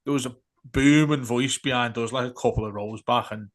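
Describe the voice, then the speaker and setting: A man in his thirties co-hosting a football podcast. He tells animated stories, mid-pitched and chatty, and breaks into loud impressions of fans heckling. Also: a little fast. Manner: animated storyteller, shouts out quoted fan heckles. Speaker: podcast co-host. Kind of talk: casual football chat.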